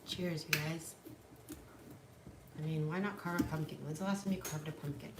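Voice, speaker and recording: A young woman with a low voice livestreams from a room at home, speaking at a moderate pace with fairly even intonation. She chats casually, bluntly and with plenty of profanity, and coos to her dogs between stories. The sound is noisy and echoey, with the mic placed some distance away.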